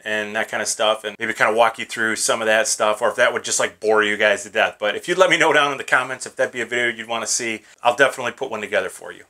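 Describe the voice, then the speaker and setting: A man's voice: mid-range voice, bright, forceful tone. A man in his thirties hosting a casual Q&A vlog from his home studio, chatty and upbeat, with lots of "kinda" and "uh". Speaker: YouTube channel host. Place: small home studio with gear bins behind.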